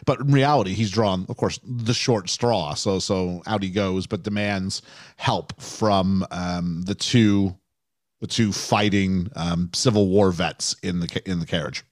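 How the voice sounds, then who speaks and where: A man's voice: low voice, fairly even intonation, unhurried, no echo, clean studio sound. A man guesting on a podcast, thinking aloud with many restarts and frequent chuckles as he talks about a film. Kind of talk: casual film discussion.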